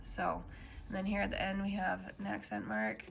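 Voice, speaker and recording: A woman's voice: medium pitch, very animated, moderate pace, gravelly, a little hiss or hum. A woman teaching a piano lesson, explaining the music patiently with frequent ums and counting beats aloud. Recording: piano playing underneath.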